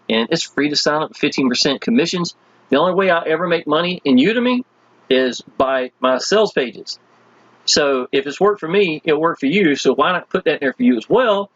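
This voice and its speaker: A high-voiced man with a husky edge, whose pitch swoops up and down as he pitches with folksy enthusiasm. The sound is dry and close, with no room echo, but a little dull and lo-fi. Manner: folksy and enthusiastic, constantly addressing listeners as "y'all". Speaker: online marketing promoter. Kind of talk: casual sales pitch walking through web pages.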